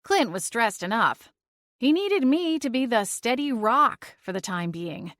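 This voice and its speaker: A woman narrating a first-person audiobook in an even, measured storytelling voice. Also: a little high, no echo, studio quality.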